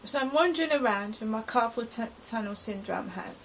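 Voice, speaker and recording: A middle-aged woman from England recounts her stressful day in an anxious, rambling present tense. Her voice is raspy and gravelly and sits slightly high, with a faint hiss in the background. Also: lively intonation, fairly quick, low-quality recording. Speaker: vlogger. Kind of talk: personal diary account.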